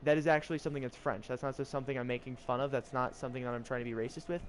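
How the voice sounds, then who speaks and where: Racing along in a level, medium-pitched voice, a young streamer offers casual commentary on his game. He reads riddles and tosses out mock French jokes while a faint hiss or hum sits in the audio.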